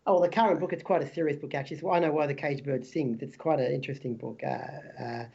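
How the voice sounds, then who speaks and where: A man's voice: fairly high pitch, fairly even intonation, fast talker, creaky, dark tone, breathy edge, muffled recording. A man guesting on a podcast, chatting casually with frequent laughs. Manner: laughs often, says "mate". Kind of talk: casual chat.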